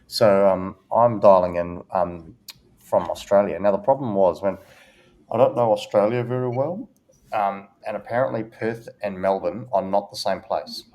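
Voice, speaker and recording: A man's voice: fairly low pitch, normal speed, darkish tone. A man co-hosting a podcast, joking and teasing his co-hosts in casual banter with plenty of "um"s. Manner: teasing, joking, many "um" fillers. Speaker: podcast co-host.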